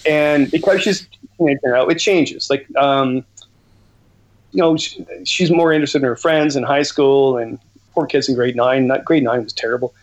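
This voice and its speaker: A middle-aged Canadian man, an outdoor educator and author, appears as a guest on a casual podcast interview. His mid-range voice moves at normal speed as he tells rambling stories, animated and laughing.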